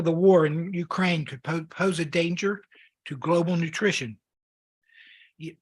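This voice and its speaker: A man preaching a sermon, reading scripture in an earnest, measured way while losing his voice. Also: fairly high pitch, husky.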